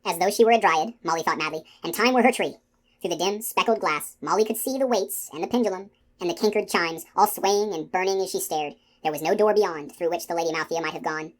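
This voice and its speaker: Soft-spoken woman reading a novel. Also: fairly low pitch, fast. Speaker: audiobook reader. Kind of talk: audiobook narration.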